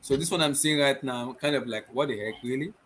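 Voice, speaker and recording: A man hosting a casual football podcast, talking excitably and repeating himself. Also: mid-range voice, fast talker, noisy background. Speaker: podcast host.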